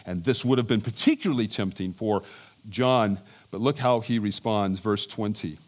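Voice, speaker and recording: A man preaching an expository sermon as a pastor, emphatic and animated, with chuckles and restarts. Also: lowish voice, moderate pace.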